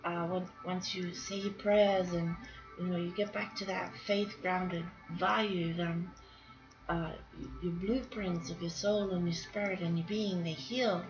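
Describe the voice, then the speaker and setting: A woman's voice: on the low side, steady tone, measured pace. A woman artist commentating casually while she draws, rambling with fillers, restarts and frequent laughs. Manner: chatty, laughs often, many fillers and restarts. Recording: dull lo-fi sound with music behind. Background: music.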